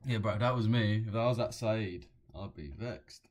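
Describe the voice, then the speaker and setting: Man, lowish voice, slangy, sweary streamer banter. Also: moderate pace, a little hiss or hum. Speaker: live trading streamer. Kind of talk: casual live-stream commentary.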